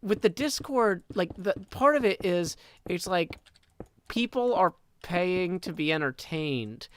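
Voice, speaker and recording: A man hosting a casual livestream, talking in a halting way full of ums and likes and cheerfully reading out viewer tips. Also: sits high, expressive. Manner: reads viewer tips aloud, upbeat. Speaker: livestream host.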